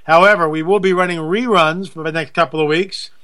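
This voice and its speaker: Bright, indignant male talk show host. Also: on the high side, steady tone, brisk. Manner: indignant, repetitive, emphatic. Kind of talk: ranting talk show monologue.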